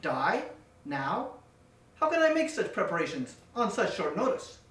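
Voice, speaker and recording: A man voicing an earnest, literal-minded masked wrestler hero with a deadpan delivery. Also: sits high, unhurried, heavily acted. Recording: echoey room, distant mic.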